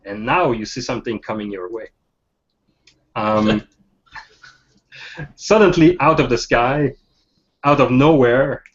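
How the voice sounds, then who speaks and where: A man narrating a tabletop game as game master, with halting, restart-filled speech. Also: mid-range voice. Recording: dull lo-fi sound.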